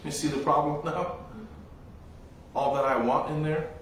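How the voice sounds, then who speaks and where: Male monk teacher, calm unhurried storytelling sermon, recorded far from the mic in a boomy room with faint noise. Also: very echoey. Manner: slow, reflective storytelling with long pauses. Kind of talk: dharma talk.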